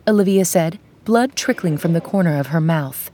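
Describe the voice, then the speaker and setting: A woman narrating a story in a steady, measured storytelling manner. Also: fairly low pitch, background noise. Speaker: audiobook narrator. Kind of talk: scripted narration.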